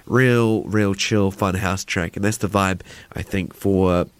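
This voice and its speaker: A man's voice: deep voice, steady tone, takes it slowly, smooth, dry recording. A man, a laid-back, upbeat radio DJ talking casually between tracks on a breakfast show.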